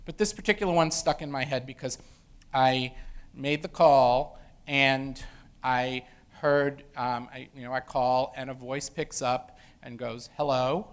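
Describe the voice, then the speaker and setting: A middle-aged man of mid pitch tells a story from his classroom days in a lecture room. His talk is loose and conversational, full of "um"s, restarts and asides. It sounds like a professor speaking to an audience. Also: steady tone, a little slow, smooth. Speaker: education professor.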